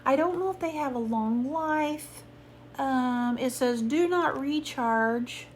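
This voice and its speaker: A woman chatting casually to her viewers at home while sick, hoarse and coughing, rambling and apologetic. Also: high-pitched, slow, a little mellow, slight background noise. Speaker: haul vlogger. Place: at home, sitting.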